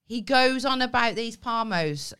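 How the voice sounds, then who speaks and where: A woman's voice: fairly high pitch, lively intonation, measured pace, pushed and bright, clean tone. A young woman co-hosting a podcast, chatty and teasing in casual banter, swearing now and then. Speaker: podcast co-host.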